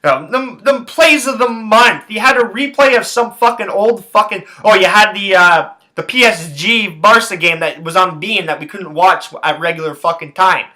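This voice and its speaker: A man rants furiously on his own sports podcast, swearing constantly and hammering the same phrases again and again. His voice sits a bit high for a man and comes out bright and tense. He talks at a normal speed with hardly any pauses.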